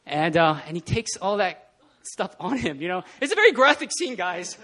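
A man preaching a casual, animated sermon in a church, often laughing and acting out scenes. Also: high-pitched, normal speed. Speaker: pastor. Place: church hall.

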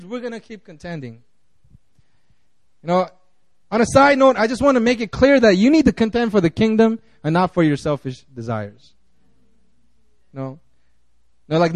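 A man's voice: very high-pitched, no echo. A man giving a casual, conversational sermon, full of fillers and restarts as he talks. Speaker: guest preacher.

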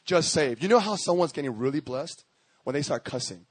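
High-voiced pastor preaching with slangy humor. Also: male voice, fairly quick, a little hiss or hum. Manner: lively, slangy, often laughing mid-sentence. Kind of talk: sermon with storytelling.

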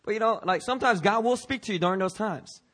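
High-pitched and fast, with a fairly bright tone, this pastor preaches in a loose, joking way. He keeps restarting phrases, slipping in asides and coughing now and then.

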